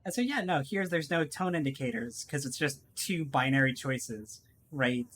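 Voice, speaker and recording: A woman's voice: extremely low pitch, lively intonation, normal speed. A woman streaming a video game, chatting casually and rambling with lots of fillers. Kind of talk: casual gameplay commentary.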